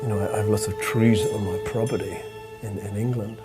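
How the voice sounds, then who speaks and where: Man, lowish voice, halting reflective storytelling, soft laughs, music behind. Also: fairly even intonation. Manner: halting, repeats words, laughs softly. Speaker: interview guest.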